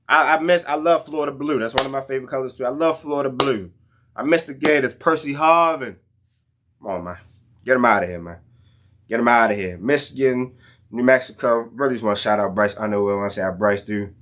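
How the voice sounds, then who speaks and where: A man's voice: mid-range voice, brisk, a little hiss or hum. A young man talking casually and ranting about college football in loose slang, his voice jumping up in heated outbursts. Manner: animated, slangy, rants with rising outbursts. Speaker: sports commentator vlogger. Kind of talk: casual sports rant.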